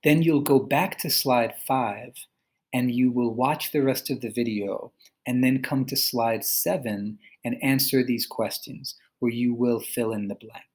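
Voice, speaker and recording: A young adult man, a teacher, narrating a recorded online lesson, slowing down patiently to sound out words. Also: medium pitch, a little mellow, slightly rough, rough recording.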